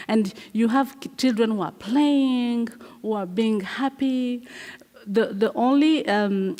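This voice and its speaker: A woman from Rwanda, a guest playwright and performer, talking in an interview with frequent pauses and repeated words. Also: medium pitch, a little mellow. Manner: halting, repeats words, earnest. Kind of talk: conversational interview. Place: festival hall stage. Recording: long reverb of a live festival hall.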